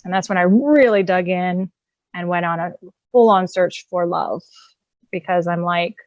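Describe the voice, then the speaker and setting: A woman's voice: fairly low pitch, a little slow, darkish tone, no room sound, muffled recording. A woman, an empowerment coach and author, telling her personal story as a guest in a casual, candid way, often laughing between thoughts.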